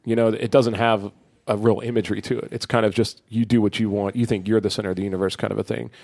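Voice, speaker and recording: A man's voice: lowish voice, level tone, quick pace, gravelly, darkish tone, no room sound, clean studio sound. A man co-hosting a podcast in casual chat, telling rambling stories and swearing freely. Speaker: podcast co-host.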